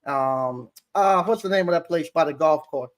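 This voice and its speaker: In an informal interview, an appliance repair business owner recounts stories in a voice on the high side. He rambles, stalls, and keeps starting his thoughts over.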